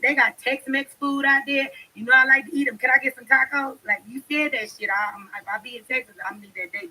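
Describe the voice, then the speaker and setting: A young woman vlogger with a high-pitched, bright, forceful voice chats to camera, talking straight to her followers in a blunt way. She laughs and swears often, and the audio quality is poor.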